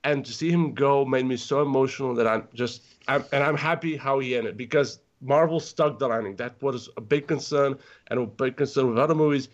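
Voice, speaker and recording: A man's voice: medium pitch, brisk, hardly any pauses. Gushing man on a lo-fi line. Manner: gushing, rambling with many fillers. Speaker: podcast panelist. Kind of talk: casual chat.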